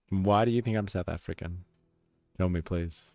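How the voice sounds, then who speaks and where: A man's voice: deep voice, normal speed, creaky, mellow, no echo. A young man with an Australian accent, chatting casually on a live stream and reading out viewer comments. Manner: rambling, reads chat aloud.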